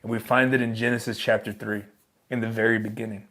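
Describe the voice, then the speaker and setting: A man giving a Bible lesson in an earnest, emphatic way, slowing on key phrases and lifting his voice on questions. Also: fairly low pitch, level tone, fairly bright tone. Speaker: Bible teacher. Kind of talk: sermon.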